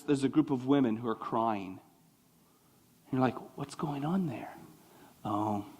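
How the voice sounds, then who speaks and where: A male pastor preaching with a lively, swooping voice that sits a bit high for a man. He talks conversationally, tosses in mocking asides, and goes quiet and slow when he lands a point. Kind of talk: sermon.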